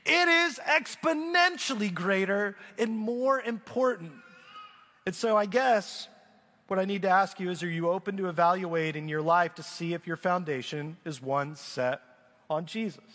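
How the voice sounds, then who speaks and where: A man's voice: on the high side, fairly even intonation, moderate pace, fairly bright tone. A middle-aged man preaching a storytelling sermon as guest pastor, animatedly acting out the people in his stories. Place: church auditorium. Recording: long church hall reverb.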